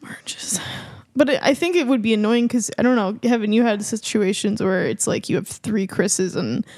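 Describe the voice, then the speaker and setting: A woman's voice: mid-range voice, a little mellow, no echo, clean studio sound. A woman co-hosting a podcast, chatting casually and laughing often. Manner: giggly, quick, chatty. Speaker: podcast co-host. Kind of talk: casual chat.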